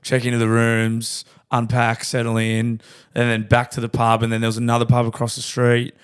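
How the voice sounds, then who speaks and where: A man's voice: medium pitch, completely flat delivery, moderate pace, smooth. A young Australian man telling a long story on a podcast, swearing freely and acting out the voices of the people in it. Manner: laddish, swears a lot, acts out quoted lines. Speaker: podcast co-host. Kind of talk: casual storytelling chat.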